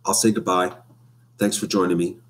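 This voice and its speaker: A man's voice: deep voice, little pitch movement, moderate pace, fairly bright tone. Rambling man on a live stream. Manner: rambling, hesitant with many fillers. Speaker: vlogger. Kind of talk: casual live stream chat. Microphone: webcam.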